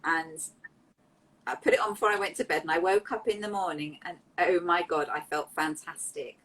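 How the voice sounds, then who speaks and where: A woman, an interview guest telling personal stories in a heartfelt, emotional, animated way. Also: lowish voice, moderate pace, rough recording. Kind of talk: candid interview storytelling.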